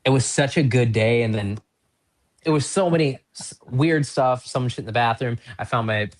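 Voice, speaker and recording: Here a man with a medium-pitched voice speaks at a moderate pace. He's a pro wrestler from North Dakota on a podcast, swapping casual stories with a self-deprecating, meandering, talkative style.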